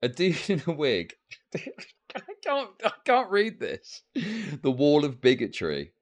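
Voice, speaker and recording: A man riffs through a live-stream reaction, his voice sitting high and swinging widely in pitch. He talks in a loud, mocking way and swears freely. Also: wildly swooping pitch, slow pace. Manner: loud, mocking, swears often, laughs and mimics.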